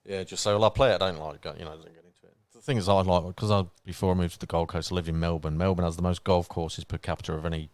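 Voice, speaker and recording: A man's voice: deep voice, steady tone, racing, few pauses, no room sound. A man with a Lincolnshire East Midlands accent, hosting a podcast and chatting casually, explaining things at length. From England. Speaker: podcast host. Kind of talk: casual chat.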